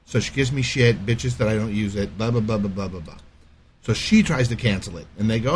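A middle-aged man in casual podcast chat, telling a profane, animated rant. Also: fairly low pitch, fairly quick, slight background noise. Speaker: podcast co-host.

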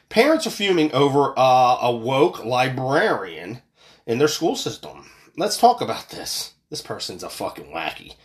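A man's voice: mid-range voice, expressive, moderate pace, fairly bright tone. A man hosting a casual podcast, ranting about politics in a profane, angry way, with sarcastic outbursts and repeated words when worked up. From United States. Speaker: podcast host.

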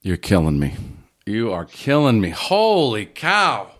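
A man hosting a podcast interview, talking in a reflective, halting way with frequent restarts. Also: fairly low pitch, huge pitch swings, a bit bright. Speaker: podcast host. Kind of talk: conversational interview.

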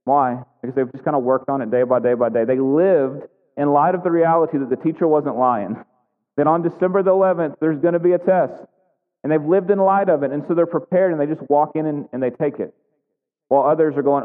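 A man preaches a sermon with a fairly high voice in a loose, conversational way, checking in with his listeners as he goes. The sound is thin and phone-like. A long reverb trails off in the hall behind him. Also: a little fast. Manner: conversational, asks the congregation questions. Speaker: pastor.

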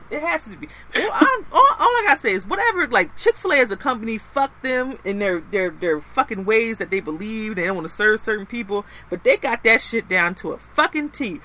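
A woman co-hosting a casual podcast, venting bluntly with a steady stream of profanity. Her voice is bright and higher than most, swinging widely in pitch as she talks. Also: fairly quick, hardly any pauses, slight background noise. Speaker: podcast co-host.

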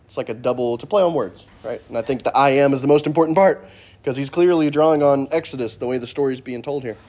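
A man's voice: medium pitch, fast talker, a little mellow. A man teaching a casual Sunday Bible class in a church classroom, joking and asking the class questions.

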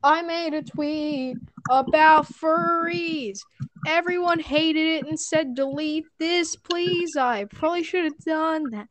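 A woman's voice: sits high, no echo. A young Australian woman chatting casually while gaming, joking, swearing and laughing often. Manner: joking, profane, quick to laugh. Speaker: gamer.

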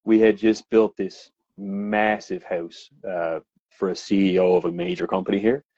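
A man's voice: low voice, normal speed, breathy edge, no room sound. A man with a Newfoundland accent, a plumber telling swearing, laughing work stories in casual podcast chat. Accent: Newfoundland English. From Newfoundland, Canada. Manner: animated, laughing storyteller with frequent fillers and swearing. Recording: slightly dull, dry podcast audio.

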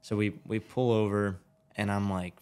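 Young american guy, low voice, swears a lot and acts out the quotes, podcast story. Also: level tone, moderate pace, darkish tone, smooth. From United States. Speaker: podcast guest, motorcycle racer. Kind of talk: casual storytelling.

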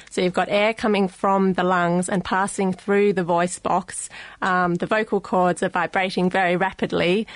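An Australian woman talks through ideas on a radio science show, pausing often with ums. Her voice sits low for a woman and sounds close and dry in the studio. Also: dry recording. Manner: explanatory, frequent ums. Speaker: guest linguist.

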